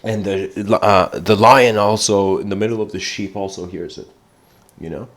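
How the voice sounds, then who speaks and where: A man giving a meandering, livestreamed philosophical lecture, often clearing his throat as he tells a story. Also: lowish voice, fairly even intonation, moderate pace, a bit bright.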